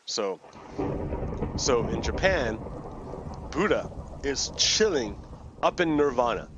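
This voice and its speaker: A man rambles through a story while he plays a game, stopping and restarting his sentences often. His voice sits at a middling pitch. The recording is dull and lo-fi, close and dry. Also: fairly bright tone, dry recording. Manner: rambling, halting, many restarts. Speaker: gaming video host.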